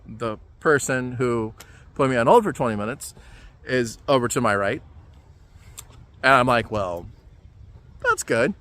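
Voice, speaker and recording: A man telling a travel story in a casual vlog, animated and exasperated, with many fillers. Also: high voice, smooth. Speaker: travel vlogger.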